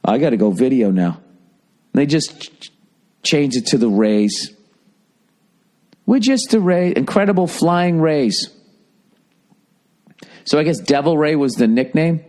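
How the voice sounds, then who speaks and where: A man's voice: fairly high pitch, sing-song, a little slow, long pauses, darkish tone. A middle-aged man hosting a podcast, riffing in a profane, sarcastic, rambling monologue. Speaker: podcast host.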